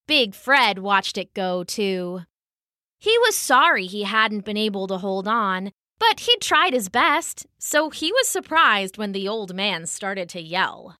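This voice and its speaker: Woman, children's story narration, animated, lilting pitch, dry close-miked sound. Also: slow, dry recording.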